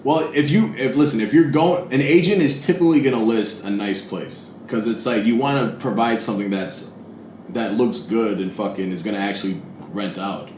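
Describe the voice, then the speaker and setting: A man's voice: fairly low pitch, moderate pace, a little mellow, slight background noise. A man co-hosting a casual podcast, telling profane stories with lots of laughter. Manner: swearing, storytelling, laughs a lot. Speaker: podcast co-host. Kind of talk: casual chat. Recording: echoey room with faint ambience.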